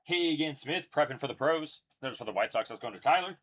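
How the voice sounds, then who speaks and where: A man's voice: mid-range voice, animated, brisk, a bit bright. A young man casually announcing each card pulled as he hosts a live card break, chatty and upbeat. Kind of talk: live card-opening commentary.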